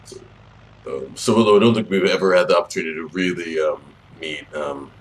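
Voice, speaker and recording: A man playing a tabletop game, hesitant and soft-spoken, often trailing off. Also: low-pitched, a little fast, slight background noise, low-quality recording. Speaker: player. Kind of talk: casual tabletop play.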